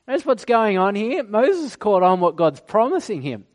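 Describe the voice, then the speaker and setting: A man delivers a sermon in a notably high voice. He tells the story with animation and slips into the voices of the figures he quotes. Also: sing-song, normal speed. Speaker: preacher.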